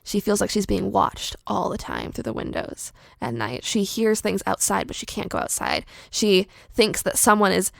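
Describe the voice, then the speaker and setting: A young woman podcast host casually pitching a horror story, chatty and animated with lots of filler words. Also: moderate pace, creaky, few pauses, no echo, clean studio sound.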